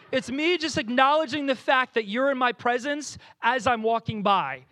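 With a New Jersey accent and a very high-pitched voice, the young preacher keeps a normal speed and leaves few pauses. He's from New Jersey and tells animated stories during his sermon, restarting frequently.

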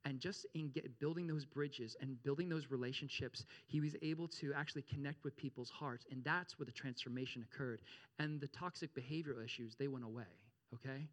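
A man preaching a sermon as pastor, animated, repeating phrases and checking in with his congregation. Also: a little fast. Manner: animated, addresses congregation with frequent check-ins; repeats phrases, rises in pitch and volume for emphasis.

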